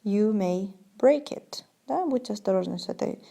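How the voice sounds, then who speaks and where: A woman teaching an English vocabulary lesson, saying each word slowly and clearly, then translating it. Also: medium pitch, lively intonation, mellow. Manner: slow, deliberate pronunciation drills.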